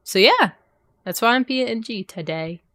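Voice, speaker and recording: A woman's voice: on the high side, lively intonation, normal speed, bright, forceful tone, no room sound, clean studio sound. A young woman streamer casually chatting and swearing with her chat while she does a craft, her voice sometimes fading as she turns from the mic. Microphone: desk microphone, voice drops when she turns away.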